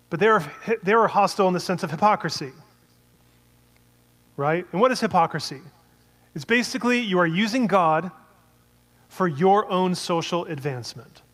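A male preacher gives a sermon in a relaxed, conversational manner. He keeps asking his listeners rhetorical questions, and his voice sits a little high for a man. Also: big-room sound.

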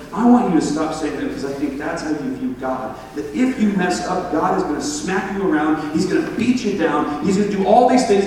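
Guy preaching, kinda high voice, echoey church hall, mic far off. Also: slight background noise. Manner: storytelling, animated with laughter. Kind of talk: sermon.

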